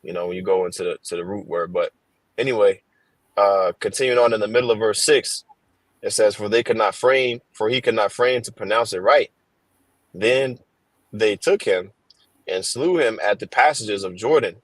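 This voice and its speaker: Low-voiced man reading scripture haltingly. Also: no echo, rough recording. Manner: halting, reads slowly with fillers. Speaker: scripture reader in a Bible class. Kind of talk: casual reading and discussion. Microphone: headphones on a stream.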